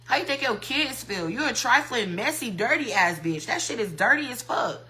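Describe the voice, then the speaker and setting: A woman's voice: fairly high pitch, animated, fast, few pauses, pushed and bright, poor audio. A woman hairstylist on a livestream, ranting heatedly and profanely and repeating herself. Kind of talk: livestream rant.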